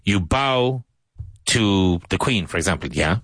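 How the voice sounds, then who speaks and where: An Irish man teaching English vocabulary, saying each word slowly and repeating it for learners. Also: deep voice, expressive, a bit bright, no echo. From Ireland. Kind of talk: vocabulary lesson.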